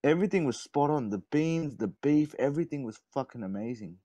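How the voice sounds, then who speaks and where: This livestream gamer, a young man with an Australian accent, chats on voice call in a high-leaning, animated, brisk and mellow voice with no echo. His talk is loose and boastful, packed with constant swearing.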